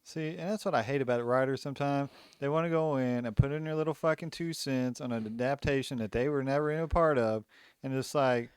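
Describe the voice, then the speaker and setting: A man's voice: mid-range voice, brisk, smooth, no echo, studio quality. A man co-hosting a casual podcast, blunt and opinionated, swearing freely. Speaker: podcast co-host.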